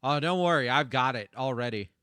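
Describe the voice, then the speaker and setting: A man streamer giving casual, profane commentary over his own stream highlights, ranting animatedly and laughing often. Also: a little fast, sharp tone, smooth, no room sound, clean studio sound.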